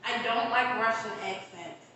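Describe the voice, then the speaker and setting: A woman's voice: a little high, unhurried, pushed and bright, a little hiss or hum. A woman co-hosting a podcast in casual chat, blunt and slangy with plenty of cursing. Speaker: podcast co-host. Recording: echoey room, far from mic.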